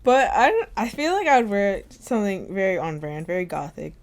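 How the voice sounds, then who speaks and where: A young woman with a mid-pitched, lively voice chats on a podcast, telling stories with a giggly manner. Her pitch moves up and down freely. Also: a little fast. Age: young adult. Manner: giggly, storytelling. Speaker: podcast co-host. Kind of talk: casual chat.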